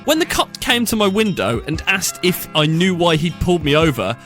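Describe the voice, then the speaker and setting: A man's voice: sits high, sing-song, moderate pace, a bit bright, faint music behind. A man co-hosting a comedy radio show, reading out listener posts and laughing along. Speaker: radio co-host.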